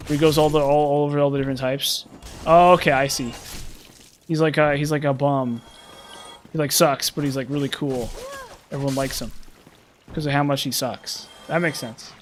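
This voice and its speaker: A man's voice: fairly high pitch, steady tone, moderate pace, long pauses, soft background music. A man giving casual gameplay commentary, rambling and thinking aloud with self-deprecating asides.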